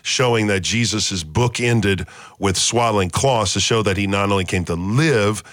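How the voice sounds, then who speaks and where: A man with a fairly low voice leads a relaxed Bible study, often pausing to quiz his listeners and echoing their answers back. The sound is close and dry, with no room around it. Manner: quizzes the group with questions and repeats key words. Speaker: Bible teacher leading discussion. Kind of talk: casual Bible study podcast.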